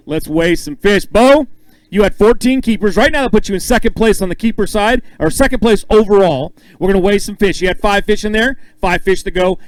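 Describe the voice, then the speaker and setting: A man emceeing a bass-fishing weigh-in on an outdoor stage, upbeat and joking with the anglers as he calls out names and weights. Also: a little fast, dry recording, rough recording. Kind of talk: live emcee announcing with banter.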